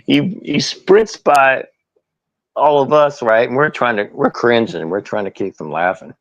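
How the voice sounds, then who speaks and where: A man tells stories in an interview, his pitch swinging widely and his tone gravelly with creak. He is animated and laughs often, and he sounds close and dry. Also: a little slow, dry recording, dull audio. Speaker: guest, former wrestler. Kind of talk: storytelling interview.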